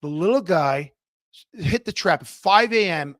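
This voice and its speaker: Animated rambling man telling a story. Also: fairly high pitch, moderate pace, no echo, studio quality. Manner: animated, rambling, self-interrupting. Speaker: podcast co-host. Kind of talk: casual storytelling chat.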